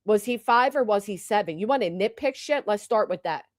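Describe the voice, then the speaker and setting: A woman's voice: medium pitch, expressive, a little fast, no room sound, clean studio sound. A woman hosting a livestream, delivering an upset and indignant rant full of profanity. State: upset and agitated. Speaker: livestream host.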